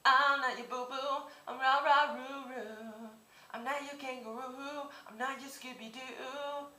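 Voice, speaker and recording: A man voicing a timid, innocent male guinea pig in a high, drawn-out singsong voice. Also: fairly even intonation, sharp tone, echoey room, heavily acted.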